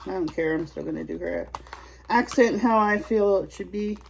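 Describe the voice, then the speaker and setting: A woman's voice: mid-range voice, normal speed, creaky, a little hiss or hum, low-quality recording. A woman vlogger chatting casually while unboxing a toy, giggly and rambling.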